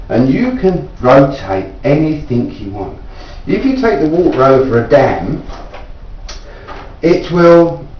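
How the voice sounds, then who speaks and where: A man from England, a self-taught inventor, earnestly explaining his device and insistently challenging viewers to prove it wrong, rising in pitch as he pleads. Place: indoors at home. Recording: echoey room, distant mic, dull lo-fi sound.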